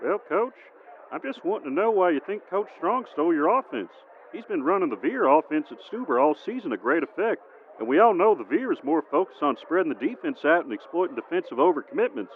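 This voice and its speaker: A man's voice: a little high, fairly quick. A man playing a pedantic football know-it-all. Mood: lecturing. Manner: precise, lecturing, even-toned. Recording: lo-fi phone-like audio with faint hiss.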